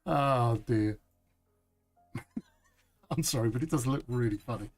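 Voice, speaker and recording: A man streaming a survival game live, chatty and upbeat, saying "boom" as he works. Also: slow, a little mellow, soft background music. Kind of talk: live gameplay commentary.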